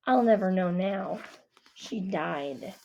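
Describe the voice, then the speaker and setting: A woman voicing a brooding, guarded young man who speaks low, slow and subdued in an audiobook. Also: expressive, darkish tone, lo-fi sound. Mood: somber.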